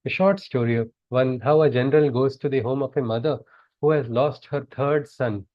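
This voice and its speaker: A man's voice: medium pitch, normal speed, lo-fi sound. A man chanting scripture verses and explaining them in an earnest teaching discourse over a video call. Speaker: spiritual teacher.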